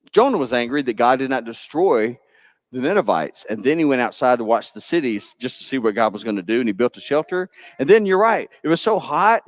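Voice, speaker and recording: A man pastor, telling a Bible story to children in church with lively, playful asides. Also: mid-range voice, dry recording, studio quality. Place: church sanctuary.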